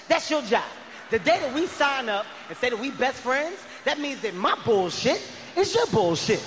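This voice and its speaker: A man in his thirties doing a loud, profane stand-up comedy routine on stage, shouting his punchlines. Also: very high-pitched, sing-song, moderate pace, a little hiss or hum. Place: large comedy venue on stage. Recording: live hall reverb, faint crowd ambience.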